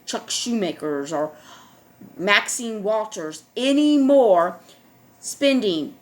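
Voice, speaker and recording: Middle-aged woman, solo vlogger, insistent, mid-pitched, keeps nudging her audience. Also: animated, slow. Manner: insistent, keeps repeating "all right?". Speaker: online video host. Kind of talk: casual monologue to camera.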